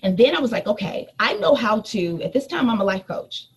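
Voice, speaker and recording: A woman in her thirties, a life coach, telling a personal story in a lively motivational talk to her audience. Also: a little high, brisk, husky. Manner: animated storytelling, addresses listeners as y'all.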